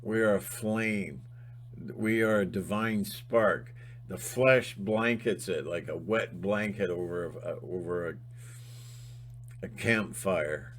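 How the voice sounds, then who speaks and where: A man giving a rambling spiritual monologue, halting and restarting often. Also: sits low, slight background noise. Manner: halting, full of fillers and restarts. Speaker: channel host.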